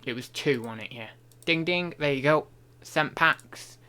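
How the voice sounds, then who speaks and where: A young man chats on a live stream at his desk mic. His voice is bright and forceful. He reads messages aloud, pokes fun at himself and hums idly between comments. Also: on the high side, a little slow, smooth. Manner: chatty, self-mocking, reads chat aloud and hums to himself. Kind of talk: casual live-stream chat.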